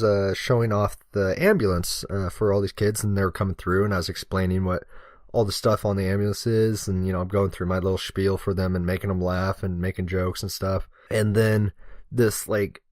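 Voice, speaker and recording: A young man telling a long, rambling, joking story over gameplay, full of swearing and deadpan jokes. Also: lowish voice, dry recording, studio quality. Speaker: guest commentator, firefighter-medic.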